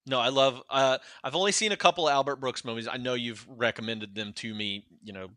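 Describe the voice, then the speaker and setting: Bright-sounding podcast guy rambling about movies, super dry close sound. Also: medium pitch, a little fast, no room sound. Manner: rambling, many fillers and restarts. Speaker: podcast co-host. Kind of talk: casual movie review chat.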